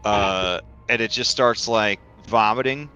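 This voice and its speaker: A man narrating a tabletop game as game master, in a casual, halting way with many fillers. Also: on the low side, sharp tone, clear, resonant tone, soft background music.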